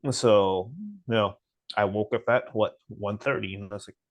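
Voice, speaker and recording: A man co-hosting a podcast, talking bluntly and preachily about discipline, breaking into animated mocking asides. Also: on the low side, normal speed, dry recording. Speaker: podcast co-host. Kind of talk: casual motivational chat.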